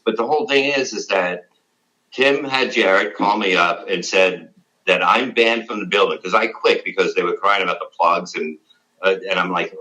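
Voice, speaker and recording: A man's voice: low voice, normal speed, bright, forceful tone, poor audio. A middle-aged man, a comedian, telling stories in an interview in a rambling, profane way, acting out the dialogue he quotes. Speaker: comedian and radio guest. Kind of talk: candid interview storytelling.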